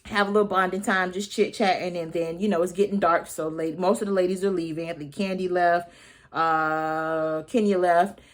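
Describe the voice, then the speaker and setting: A woman's voice: lowish voice, steady tone. Sassy chatty woman recapping reality TV. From United States. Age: 30s. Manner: sassy and chatty, with slang and quick asides. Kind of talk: casual recap commentary.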